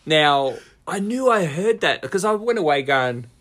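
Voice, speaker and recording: A man's voice: fairly high pitch, animated, a little slow, a bit bright. An Australian man co-hosting a podcast, chatting casually, laughing often and swearing. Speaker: podcast co-host. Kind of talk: casual chat.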